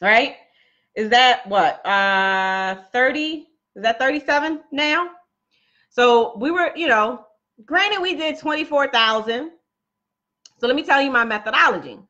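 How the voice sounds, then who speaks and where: A woman's voice: high-pitched, a little slow, sharp tone, highs cut off. A woman coaching viewers on a casual live stream, chatty and laughing often, talking straight to her audience.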